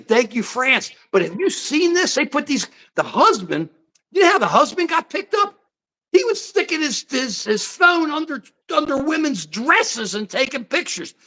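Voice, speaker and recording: A man's voice: very high-pitched, normal speed. An older man hosting a livestream, ranting heatedly and animatedly about the news. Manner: ranting, animated, mocking put-on voices. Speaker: show host. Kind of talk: heated political livestream chat.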